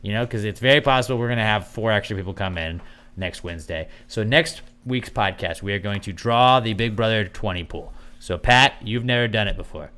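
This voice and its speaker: A man's voice: lowish voice, fairly quick, pushed and bright. A man co-hosting a podcast in loose casual chat, rambling with lots of fillers and swearing. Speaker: podcast co-host.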